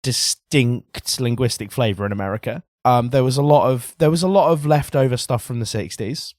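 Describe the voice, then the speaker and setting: English bloke on a podcast, blunt and sweary, dry close mic. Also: male voice, mid-range voice, moderate pace, a little mellow, no room sound. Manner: opinionated, swears freely. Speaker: podcast co-host. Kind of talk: casual chat.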